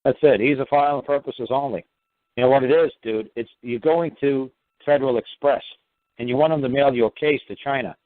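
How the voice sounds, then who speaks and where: Answering callers on his call-in radio show, a man with a medium pitch talks briskly and lectures them bluntly, swearing as he goes. The recording is dry, with a tinny phone-line sound.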